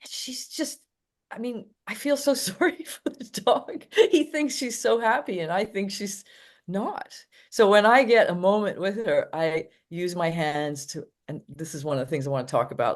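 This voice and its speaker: A woman's voice: lowish voice, normal speed. An older woman, a dog trainer, chatting casually in an interview and telling rambling anecdotes with frequent laughs.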